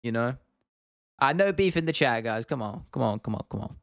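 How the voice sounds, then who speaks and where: A man's voice: mid-range voice, lively intonation, fairly quick, gravelly, fairly bright tone, no room sound, studio quality. A young man from England hosting a casual livestream, reading out chat comments and rambling with frequent restarts and laughs. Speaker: livestream host.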